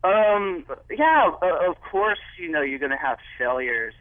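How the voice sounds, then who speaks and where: A man calling in as a guest, talking in a halting, hesitant way with lots of restarts. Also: on the high side, animated, dry recording. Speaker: phone-in guest. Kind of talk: telephone interview. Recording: tinny phone line.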